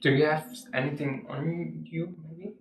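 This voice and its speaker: A man's voice: a little high, steady tone, a little slow, creaky, background noise. A man playing a tabletop game, speaking tentatively and trailing off. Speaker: player. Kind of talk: tabletop role-play. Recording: roomy echo.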